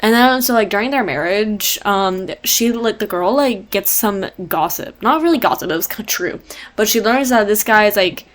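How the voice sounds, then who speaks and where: A woman's voice: medium pitch, normal speed. A young woman giving a casual book report presentation. She rambles, leans heavily on fillers and breaks off for jokey asides. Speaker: student presenter.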